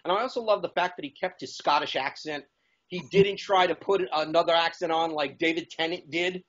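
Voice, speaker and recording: Eager high-voiced man rambling as a guest. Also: brisk, a bit bright, muffled recording. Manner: eager, rambling fan talk with restarts. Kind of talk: casual chat.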